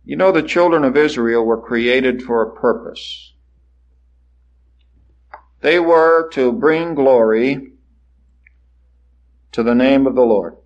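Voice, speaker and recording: A man preaching a sermon, swinging from soaring lines to hushed ones and acting out the voices he quotes. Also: medium pitch, slow pace, long pauses, highs cut off. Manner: dramatic rises and hushed drops, acts out quoted voices.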